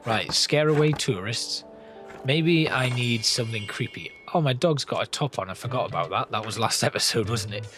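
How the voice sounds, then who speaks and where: A man's voice: mid-range voice, normal speed. A man casually commenting on his gameplay, thinking aloud as he plans each move. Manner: thinking aloud, planning, relaxed. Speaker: gameplay host. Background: game music.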